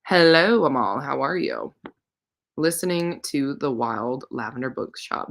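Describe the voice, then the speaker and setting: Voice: medium pitch, expressive, measured pace, creaky, a bit bright. A readathon livestream host chatting casually and playfully between reading sprints, with slangy, offhand phrasing. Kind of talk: casual chat while reading.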